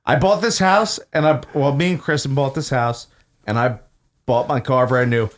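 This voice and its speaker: A man's voice: mid-range voice, normal speed. A young man co-hosting a podcast, telling a work story in casual chat and acting out the people in it. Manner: animated storytelling, acts out customers in a raised voice. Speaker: podcast co-host.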